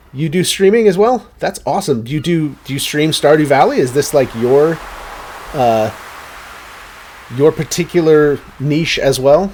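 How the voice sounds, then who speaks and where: A man's voice: mid-range voice, darkish tone, a little hiss or hum. A man chatting casually while streaming a game, rambling and talking to his viewers. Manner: rambling, chatty, many fillers and restarts.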